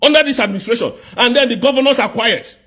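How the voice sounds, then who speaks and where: A man with a Nigerian accent in an angry live rant, firing off accusing rhetorical questions and sometimes shouting. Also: very high voice, fast talker. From southeast Nigeria.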